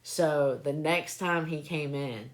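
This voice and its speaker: Low-voiced woman telling chatty stories. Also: slow pace. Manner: chatty, animated anecdotes with bursts of laughter. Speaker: livestreamer recalling clinic work. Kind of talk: casual live-stream storytelling.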